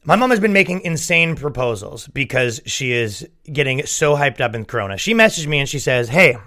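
A man hosting a comedy podcast, telling stories in an animated, exasperated rant. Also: mid-range voice, brisk. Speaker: podcast host. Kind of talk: comedic storytelling.

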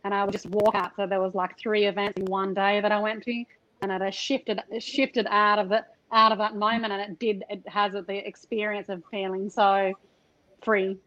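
A woman guest on a video call, talking reflectively in halting, restarting sentences. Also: medium pitch, little pitch movement, fairly bright tone, poor audio. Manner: halting, restarts often, laughs easily. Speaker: podcast guest.

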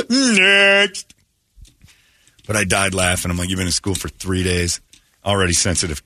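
A man's voice: sits low, little pitch movement, fast talker, a bit bright, dry recording. A man hosting a morning radio show, talking in a crude, joking, rambling way at a studio mic. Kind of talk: casual morning radio chat.

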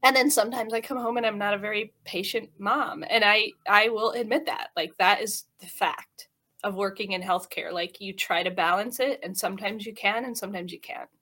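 Woman in her 30s, hospital chaplain, earnest and emotional, lots of likes and ums, middle pitch. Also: fairly quick, bright, forceful tone. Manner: earnest, emotional, many fillers. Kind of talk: interview conversation.

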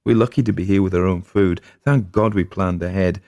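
A worn-out, blunt farmhouse husband that a man reads aloud, grumbling and cursing in a deep, gravelly voice. The dry, close recording keeps every rough edge of his tired storybook speech up front. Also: steady tone, brisk, a little mellow, dry recording. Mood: weary. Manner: blunt, exasperated, swearing. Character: weary middle-aged farmhouse husband, gruff.

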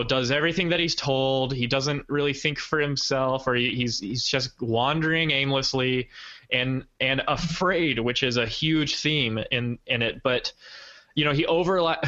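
A man's voice: medium pitch, sharp tone, muffled recording. A man hosting a podcast in casual chat, hedging with "I guess". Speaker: podcast host.

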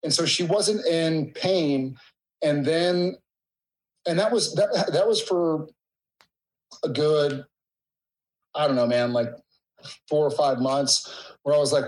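A middle-aged man in casual conversation, telling a story in a halting, emotional way with many fillers. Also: a little high, rough recording. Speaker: guest.

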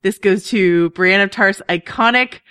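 A woman's voice: medium pitch, a little slow, fairly bright tone, smooth, no echo, studio quality. Laughing, chatty woman podcast host. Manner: chatty, laughs often, many fillers. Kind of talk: casual chat.

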